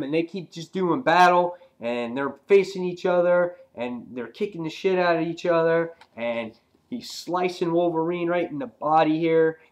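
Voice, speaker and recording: A man casually reviewing a comic book, rambling and filling pauses with "um" and "you know". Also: mid-range voice.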